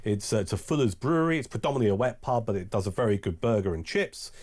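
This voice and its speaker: A man's voice: on the low side, animated, quick pace, a little mellow. A man hosting a radio talk show, chatting casually and rambling with restarts in a studio.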